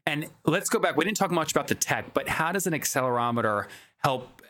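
A man's voice: fairly high pitch, lively intonation, fairly quick, pushed and bright. A man hosting an interview, asking direct questions. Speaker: podcast host.

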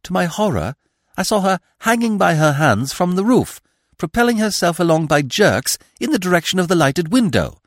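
A man narrating a classic mystery novel as a podcast reader, in a measured, expressive storytelling manner. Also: high-pitched, no room sound, clean studio sound. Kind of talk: audiobook reading of a classic mystery.

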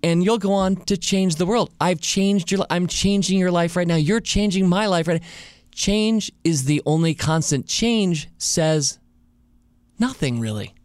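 Guy hosting a podcast solo, kinda high voice, dry close sound, musing and asking rhetorical questions. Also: unhurried, a little mellow, no echo. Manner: reflective, full of rhetorical questions. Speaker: podcast host. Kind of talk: casual solo monologue.

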